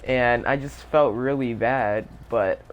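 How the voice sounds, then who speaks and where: A man's voice: medium pitch, fairly even intonation, takes it slowly. A young man casually telling a rambling storytime over gameplay, full of fillers and self-deprecating asides. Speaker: gaming YouTuber. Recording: dull lo-fi mic with faint noise.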